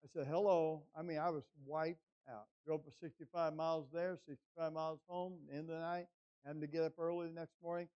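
An older male pastor in a church, his voice sitting slightly high for a man. He tells his story haltingly, with many "and, uh" restarts, then rises into emphatic preaching. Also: flat delivery, clean tone, dull audio. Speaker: guest pastor. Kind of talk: sermon with personal story. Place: church sanctuary.

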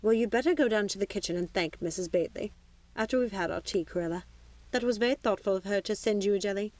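A woman's voice: medium pitch, fast, darkish tone, no echo, lightly acted. A woman voicing a haughty, dismissive aristocratic mother with a clipped, imperious manner.

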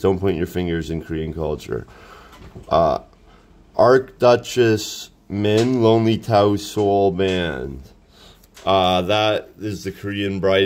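A man in his thirties, an artist, shows off his sketchbook and rambles casually about his drawings. His voice is lowish and darkish in tone, and his talk is full of fillers and restarts.

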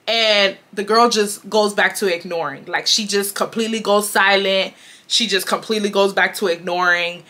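A woman in her twenties from Houston, telling a storytime to her viewers in a chatty, animated way and calling them y'all. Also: mid-range voice, moderate pace. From Houston, Texas. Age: 20s. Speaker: storytime vlogger.

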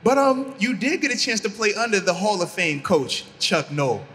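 A man's voice: high-pitched, very animated, moderate pace, a bit bright, slight background noise. Upbeat man hosting an interview. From United States. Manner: enthusiastic, encouraging interviewer. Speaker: host and interviewer. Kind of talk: casual interview.

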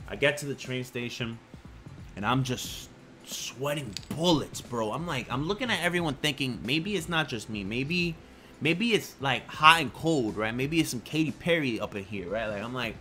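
A man's voice: mid-range voice, normal speed, soft background music. Slangy man telling a story casually. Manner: animated, slangy and crude, says "yo" and "bro". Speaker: vlogger.

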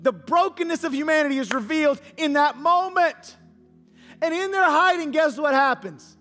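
High, bright-voiced male pastor preaching. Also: normal speed, big-room sound, faint music behind. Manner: dynamic storytelling preacher, slangy, acts out dialogue. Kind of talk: sermon. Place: church auditorium.

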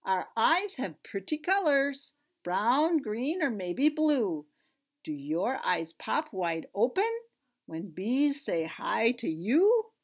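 A woman voicing a friendly, cheerful male bear in a picture-book read-aloud for toddlers, reading loudly and brightly. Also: a little high, big pitch swings, takes it slowly, exaggerated voice.

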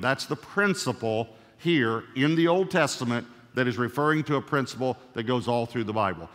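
A man's voice: mid-range voice, expressive, normal speed, hardly any pauses, a bit bright. A male pastor delivering a sermon in a mid-range voice. He is emphatic, stretching out key words and repeating them for weight. His voice rings with the long reverb of a church hall. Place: church sanctuary.

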